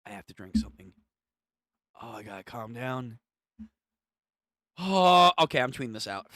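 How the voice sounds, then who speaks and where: A young streamer reacting live to a manga, excitable and profane, often stammering and repeating words. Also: mid-range voice, moderate pace, no echo. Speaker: streamer reading a manga aloud.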